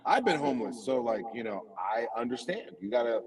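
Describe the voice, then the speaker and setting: A man in casual conversation, telling a funny personal story with lively laughter, heard from a distant phone. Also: mid-range voice, brisk. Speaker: comedian guest. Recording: distant phone audio with crowd noise. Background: crowd chatter at a cookout.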